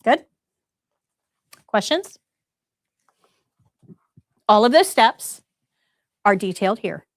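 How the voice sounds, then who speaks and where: In clean, echo-free studio sound, a female instructor with a higher-pitched voice and lively intonation preps nursing-assistant students for their test in a live class. She draws out her words and leaves long pauses, staying emphatic and direct and quizzing the class with rhetorical questions.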